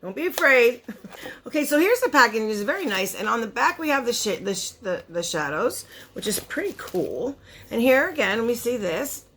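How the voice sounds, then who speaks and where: This is a bright, animated woman in her forties, a chatty beauty vlogger showing makeup to her viewers. Her pitch swings freely as she gasps, laughs and drifts into little asides, and her voice sits a touch high and sharp for a woman. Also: moderate pace, slight background noise. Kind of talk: casual unboxing vlog.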